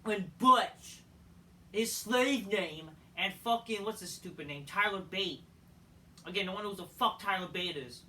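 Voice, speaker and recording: A man reviewing a wrestling show in a profane, exasperated rant, full of rhetorical questions, swinging from loud outbursts to flat mutters. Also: high-pitched, measured pace. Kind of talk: ranting solo show review. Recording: distant mic, faint background noise.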